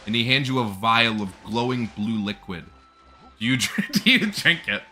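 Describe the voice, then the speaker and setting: A man's voice: mid-range voice, animated, moderate pace, pushed and bright, faint music behind. A young man chatting casually on a live stream, rambling and laughing often.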